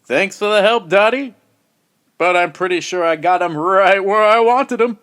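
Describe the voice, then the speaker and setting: A man's voice: high-pitched, normal speed, fairly bright tone, smooth. A man voicing a self-assured male space commander in a storybook reading, speaking bossily. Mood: smug. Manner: confident, bossy.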